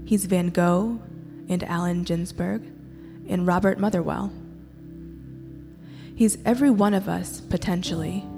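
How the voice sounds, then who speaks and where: A woman slowly reading a poem aloud in a measured way at a church gathering. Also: medium pitch. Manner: slow, measured recitation. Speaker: poetry reader. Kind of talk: poetry reading. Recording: reverberant church hall, faint music.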